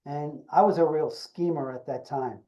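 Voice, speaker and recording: An older man, an actor being interviewed, tells an anecdote with animated delivery and acts out the dialogue. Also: fairly high pitch, moderate pace, highs cut off. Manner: animated storyteller acting out quoted dialogue. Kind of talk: storytelling anecdote.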